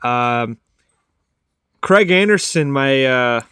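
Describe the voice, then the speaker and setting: A man in his thirties chats casually about hockey, his voice smooth and resonant. He often leaves sentences unfinished in a relaxed way. The recording is dry and close, with no room sound. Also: mid-range voice, slow pace, dry recording. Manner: relaxed, trailing off mid-sentence. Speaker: podcast co-host. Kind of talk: casual sports chat.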